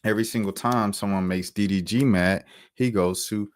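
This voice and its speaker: Man, deep low voice, commentary host, animated repetitive talk, dry close sound. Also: moderate pace, no room sound. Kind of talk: casual commentary monologue.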